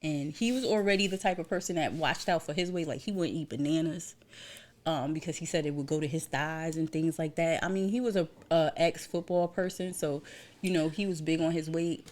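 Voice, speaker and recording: Young woman, podcast co-host, casual animated storyteller, lowish voice. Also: fairly quick. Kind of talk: casual chat.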